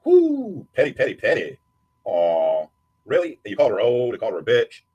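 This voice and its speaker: A husky-voiced man taunts a rival on a livestream, swearing freely. His pitch leaps up and down as he mocks, and he talks at a rapid clip. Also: very animated, darkish tone, highs cut off. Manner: taunting, profane, mocking. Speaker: livestream host. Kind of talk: heated live commentary.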